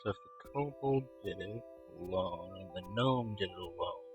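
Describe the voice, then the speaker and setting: A man with a fairly low voice reads a game's story aloud on his stream. Between passages he thinks out loud, humming and swearing freely. Faint music plays in the background. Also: moderate pace, rough recording. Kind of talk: reading a game aloud and reacting.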